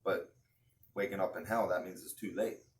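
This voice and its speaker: A man's voice: low voice, fairly even intonation, normal speed. A man in casual religious commentary, talking earnestly and slangily, with rhetorical questions and restarts. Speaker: online video host.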